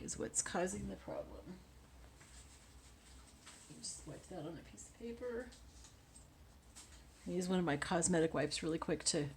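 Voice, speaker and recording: Woman, craft tutorial host, lowish voice, casual, thinks aloud, drifts into mutters. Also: gravelly, slight background noise. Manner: chatty, thinks aloud while working, drops to mutters.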